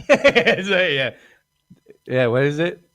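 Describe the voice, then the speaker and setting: A man's voice: a little high, slow pace, dry recording. A man hosting a comedy podcast, boastfully telling stories, acting out quotes and laughing often. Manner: boastful, animated storyteller who acts out quotes and laughs often. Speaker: podcast host. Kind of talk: comedic storytelling chat.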